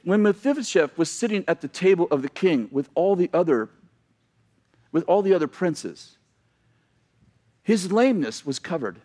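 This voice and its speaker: Man, middle-aged, American, pastor, sermon, fairly high voice, acts out quotes, self-deprecating humor. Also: big pitch swings, normal speed, long pauses, mellow. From United States. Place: church.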